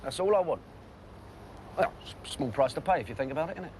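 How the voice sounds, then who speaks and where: A brash, quick-tongued Cockney con man, as an actor plays him, all cheeky patter in a TV drama. His voice sits high and the words tumble out fast. He gives as good as he gets in every insult. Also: lively intonation, a little mellow, slight background noise, natural voice. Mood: bargaining. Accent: London Cockney. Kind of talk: TV drama acting.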